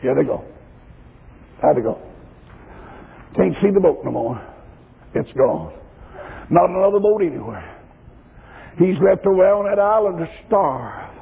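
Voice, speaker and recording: A man preaching a sermon, rising into shouted, sung chanting with cries of praise. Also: sits high, big pitch swings, a little slow, gravelly, long pauses, breathy edge. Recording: tinny lo-fi recording in echoing hall.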